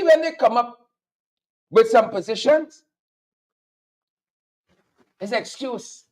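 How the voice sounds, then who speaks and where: A man's voice: extremely high pitch, darkish tone. A man with a Guyanese accent hosting a political commentary show, talking in a sarcastic, mocking way and repeating lines for emphasis. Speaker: show host.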